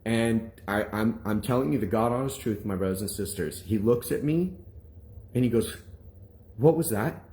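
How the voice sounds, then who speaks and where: A man, a minister, giving a personal testimony to his congregation in an animated, rambling storytelling manner full of restarts. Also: on the low side, normal speed.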